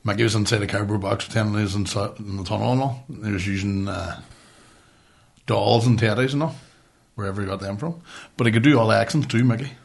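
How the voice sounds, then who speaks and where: A man with a husky, gravelly voice rambles through stories on a podcast. His pitch sits low and his talk is loose and sweary. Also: steady tone, fast. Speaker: podcast co-host. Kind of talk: casual chat.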